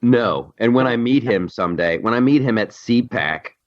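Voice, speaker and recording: A man's voice: mid-range voice, normal speed. A male podcast host with a mid-range voice who jokes his way through casual political chat. The recording sounds slightly dull and lo-fi. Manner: joking, animated, mimics others.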